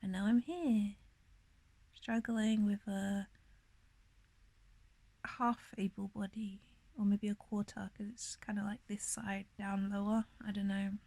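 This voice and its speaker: A young woman talks straight to the camera in a rambling, tearful vlog, trailing off and restarting as she goes. Her voice sits at an ordinary middle pitch and sounds dry and close. She is holding back tears. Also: little pitch movement, slow, vocal fry, long pauses, warm tone, no echo. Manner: rambling, emotional, many fillers and laughs. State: emotional, near tears. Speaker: vlogger. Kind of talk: casual confessional vlog.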